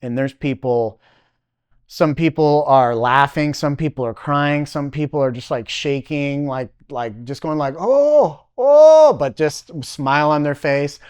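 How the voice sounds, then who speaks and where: A man, a podcast guest, telling a personal testimony in an animated, halting way, full of "like" fillers. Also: mid-range voice, smooth.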